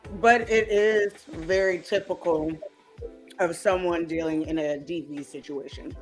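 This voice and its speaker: A woman co-hosting a podcast, casually discussing an anime and calmly explaining characters' motives. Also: fairly low pitch, unhurried, soft background music. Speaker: podcast co-host. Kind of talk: casual anime review chat.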